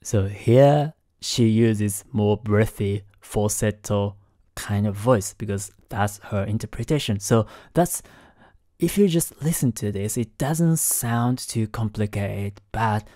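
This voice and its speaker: Slow, careful man explaining singing. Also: fairly low pitch, mellow, no echo, clean studio sound. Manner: careful, halting explanations with repeated words; keeps his voice down late at night. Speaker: host analyzing singing technique. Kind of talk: explanatory commentary.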